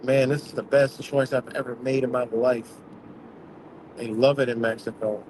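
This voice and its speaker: A man's voice: medium pitch, level tone, normal speed, noisy background. A man hosting a livestream, talking bluntly in a rambling, profane, casual rant, apparently from inside a vehicle. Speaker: livestream host.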